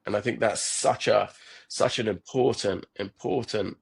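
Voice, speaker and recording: Husky, creaky-voiced man talking earnestly. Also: lowish voice, unhurried. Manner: earnest, repeats words and restarts often. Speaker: podcast guest, startup founder. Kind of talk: reflective conversational interview.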